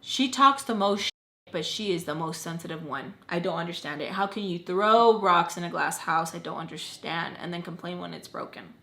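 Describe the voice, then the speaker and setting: A young woman vlogger telling a personal story in a casual, animated, blunt way, swearing freely. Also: fairly low pitch, moderate pace, creaky. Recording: echoey room.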